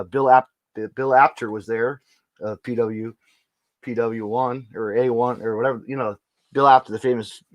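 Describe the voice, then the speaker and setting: A man's voice: mid-range voice, no echo. Rambling, laughing podcast host man. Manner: rambling, laughing, full of "you know". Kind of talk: casual chat.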